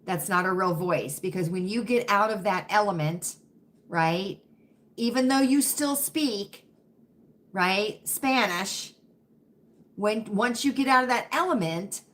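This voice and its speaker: Chatty woman with a bright voice. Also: medium pitch, slow. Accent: faint Southern US. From Virginia, US South. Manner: chatty, keeps asking viewers "right?" and "you know what I mean?". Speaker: livestream host reading chat. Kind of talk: casual livestream chat.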